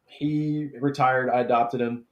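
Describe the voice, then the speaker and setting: Male streamer, thirties, mid pitch, relaxed storyteller, echoey room. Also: unhurried, lo-fi sound. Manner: chatty, storytelling, laid-back with swearing. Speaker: host of a live draft stream. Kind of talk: casual chat.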